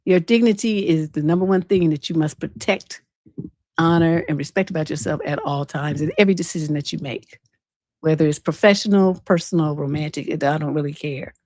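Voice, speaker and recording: A woman's voice: low voice, a little fast, dry recording, studio quality. A woman relationship coach hosting an unscripted advice livestream, telling stories bluntly and with plenty of profanity. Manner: blunt, profane, animated storytelling.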